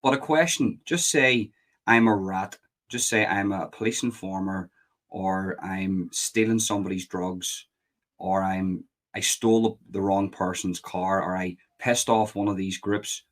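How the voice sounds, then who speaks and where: Man, interviewer, low voice, curious, casual, some stammering. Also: steady tone, a little slow, a bit bright. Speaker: interview host.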